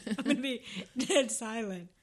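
A woman's voice: on the high side, unhurried. Playful young woman chatting. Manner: playful, self-mocking, dramatic. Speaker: podcast co-host. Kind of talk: casual chat.

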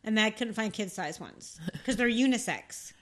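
A woman's voice: medium pitch, expressive, moderate pace. A woman co-hosting a podcast in casual chat, telling rambling stories, laughing often and swearing freely. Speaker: podcast co-host.

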